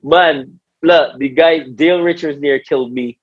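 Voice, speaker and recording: A man's voice: fairly high pitch, measured pace, slightly rough, dry recording. A man with a Barbadian accent, a former cricketer being interviewed, telling stories animatedly, repeating words and acting out what people said. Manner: animated, repeats words, acts out quotes, says "bro". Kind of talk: casual storytelling interview. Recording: slightly dull, dry podcast audio.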